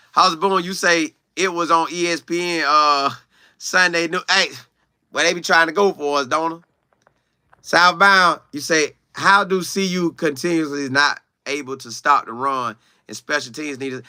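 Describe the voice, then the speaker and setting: A man's voice: high voice, pushed and bright, no echo, clean studio sound. A young man hosting a casual livestream, reading viewer comments and answering them, repeating words for emphasis.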